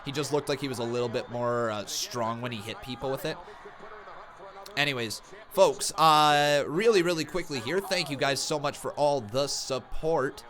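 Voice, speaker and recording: A man hosting a live wrestling reaction stream, calling the action like an excitable commentator and chatting with viewers. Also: medium pitch, normal speed, crowd noise.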